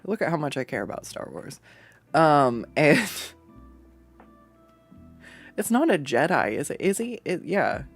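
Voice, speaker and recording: A chatty art streamer who rambles through stories mid-drawing, laughing often and swearing casually. The voice sits at a middling pitch and leaps sharply higher when acting out what others said. Faint music plays underneath. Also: very animated, a little slow, long pauses. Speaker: artist streaming a drawing session. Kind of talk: casual chat while drawing on a livestream.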